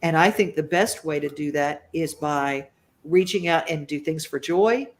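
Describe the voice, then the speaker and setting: A woman's voice: low-pitched, unhurried. A woman hosting a talk show, speaking emphatically and reading viewer comments aloud. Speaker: host. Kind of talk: casual talk show chat.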